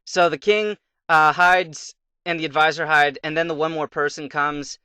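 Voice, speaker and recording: A man's voice: fairly high pitch, fairly even intonation, moderate pace, bright, forceful tone, clean tone, no room sound. A young man casually commenting on his gameplay, rambling through a fairy tale between moves and muttering to himself. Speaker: let's play commentator.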